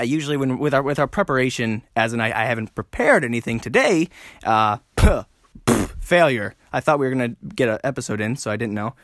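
A man hosting a solo podcast, rambling and joking at himself, talking fast and often jumping up high. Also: fairly bright tone, no echo, studio quality. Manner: rambling, self-mocking, fast with sudden high jumps. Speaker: podcast host. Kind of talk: casual solo podcast chat.

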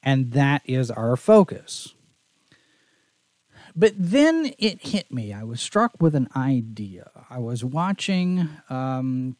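Man, faint texas southern accent, podcast host, slow unhurried talk, easygoing rambling chat. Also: mid-range voice, darkish tone, dry recording. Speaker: show host.

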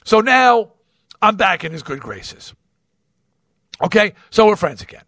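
Male podcast host, animated raconteur voicing the other people in his stories; slightly high voice, dry close mic. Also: a little slow, dry recording. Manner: animated, acts out quoted dialogue, swears freely. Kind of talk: casual storytelling monologue.

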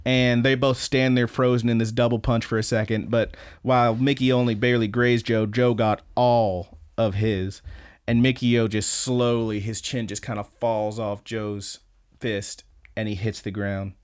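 A man co-hosting a podcast, casually recapping events in an excited play-by-play with some swearing. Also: mid-range voice, unhurried, smooth, no echo, studio quality. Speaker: podcast co-host.

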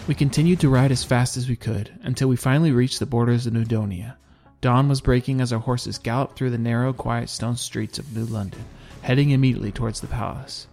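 A man narrating a first-person audiobook in a steady, measured reading. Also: medium pitch, faint music behind.

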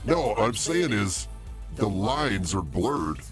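Sick, coughing co-host, a man with a very deep voice, joking, music playing clearly behind. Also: big pitch swings, slow. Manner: laughs easily, joking. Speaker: podcast co-host. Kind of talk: casual chat.

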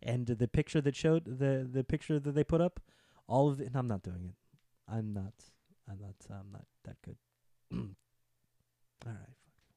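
A man co-hosting a casual wrestling podcast, excitable and rambling, with jokey asides. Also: medium pitch, moderate pace, no echo. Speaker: podcast co-host.

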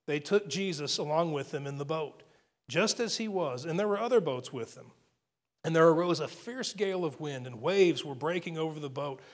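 A man preaching a sermon, earnest and building his points, often repeating words as he goes. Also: sits high. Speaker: pastor.

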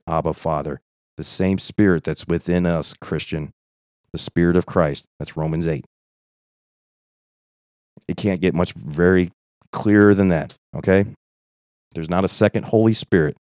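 Deep-voiced earnest man leading Bible study. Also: a little mellow, no echo, studio quality. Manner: earnest, conversational, repeats points with "okay?". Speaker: Bible teacher.

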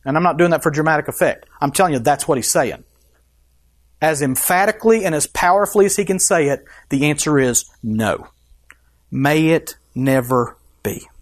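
A man's voice: on the high side, animated, normal speed. A male pastor preaching a sermon in an emphatic way. He keeps asking his listeners direct questions and answers them himself. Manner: emphatic, asks the congregation questions.

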